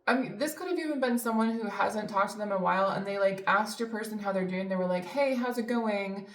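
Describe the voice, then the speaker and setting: A woman's voice: mid-range voice, quick pace, fairly bright tone. Chatty woman reading tarot in an echoey room. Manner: chatty and emphatic, many fillers and swear words. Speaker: tarot reader.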